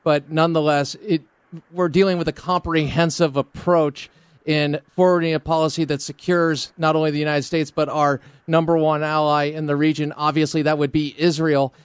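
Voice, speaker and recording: A male radio talk show host who interviews a guest with brisk, announcer-like questions. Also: a little high, flat delivery, smooth, no echo. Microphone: studio microphone.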